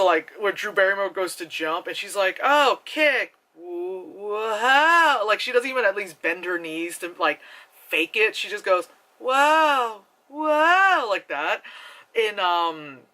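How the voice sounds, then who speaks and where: A movie reviewer chatting off the cuff, with a bright, sharp-edged voice at a middling pitch. The delivery rambles through lots of fillers and restarts, is peppered with swearing, and keeps breaking into exaggerated, high-pitched impressions of the scenes. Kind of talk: casual spoken film review.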